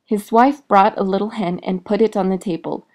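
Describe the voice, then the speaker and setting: A woman reading a fairy tale aloud in a clear, expressive storytelling manner. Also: medium pitch, moderate pace.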